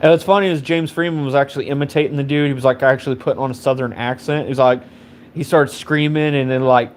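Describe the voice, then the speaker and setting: A man's voice: medium pitch, steady tone, fast. Rambling, profane young man ranting. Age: 20s. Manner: rambling and profane, heavy on fillers. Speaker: live streamer. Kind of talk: casual rant.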